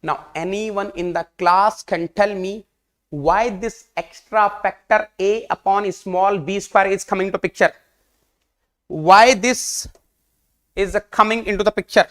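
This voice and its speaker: A man with a high, fairly bright voice keeps a steady tone and measured pace. He teaches engineering with an Indian English accent, running an online exam-prep lecture where he repeats questions and coaxes the class in mixed English and Hindi.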